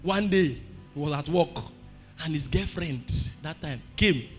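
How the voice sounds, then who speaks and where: A man with a Nigerian accent preaching a sermon, telling stories and breaking into shouted emphasis. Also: a little high, a little slow, soft background music. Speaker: pastor.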